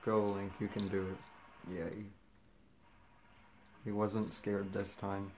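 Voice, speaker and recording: In this poor-audio let's-play with slight background noise and game music, a gameplay commentator speaks slowly in a fairly low, a little mellow voice with little pitch movement. He's goofy and jokey, addressing the on-screen characters directly.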